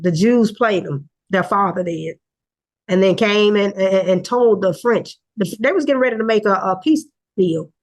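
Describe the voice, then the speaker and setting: An older woman gives an informal teaching. Her delivery is earnest and rambling, full of pauses and self-corrections. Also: medium pitch. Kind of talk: casual teaching talk.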